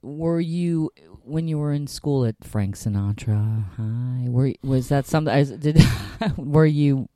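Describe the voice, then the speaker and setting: A man's voice: mid-range voice, slow, hardly any pauses, mellow, dry recording, studio quality. A male comedian hosting a casual chat, talking animatedly with many stammering restarts and bursting into playful voices. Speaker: podcast host and comedian.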